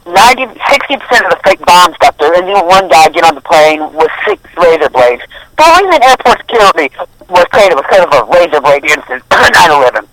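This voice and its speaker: A man's voice: high voice, very animated, brisk, a bit bright, dry recording, poor audio. A young man co-hosting a podcast, rambling and opinionated in casual chat. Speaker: podcast co-host.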